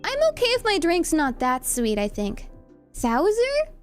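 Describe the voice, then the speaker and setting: A woman's voice: very high voice, huge pitch swings, unhurried, faint music behind. A young woman with a Californian accent, chatting casually with her live viewers, giggly and self-deprecating. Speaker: streamer. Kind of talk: casual chat reading live comments.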